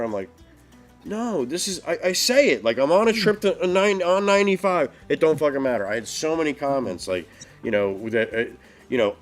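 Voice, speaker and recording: A man on a casual live stream, telling road stories in an animated way and swearing a lot. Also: a little high, moderate pace, soft background music. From northeastern US. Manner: animated storytelling, heavy swearing. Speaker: podcast co-host.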